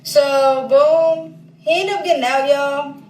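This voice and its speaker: High-voiced woman rambling through a story. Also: steady tone, slow pace, darkish tone. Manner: rambling, slangy, frequent fillers and self-corrections. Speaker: storyteller in a clip. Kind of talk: casual storytelling. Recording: roomy echo.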